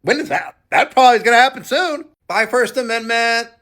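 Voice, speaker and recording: Man, very high bright voice, sarcastic, incredulous. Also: a little fast. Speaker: social media commentator.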